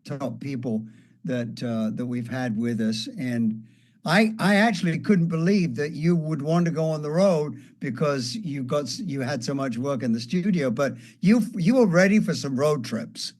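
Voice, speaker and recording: Older man, fond and joking, slightly high voice. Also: normal speed, darkish tone. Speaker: guest, guitarist. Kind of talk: casual reminiscing chat.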